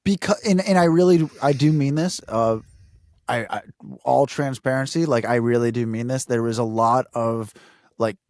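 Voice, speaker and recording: A man co-hosting a podcast in casual, jokey, animated chat. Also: mid-range voice, normal speed, no room sound, studio quality. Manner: animated, jokey, self-deprecating, restarts a lot. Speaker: podcast co-host.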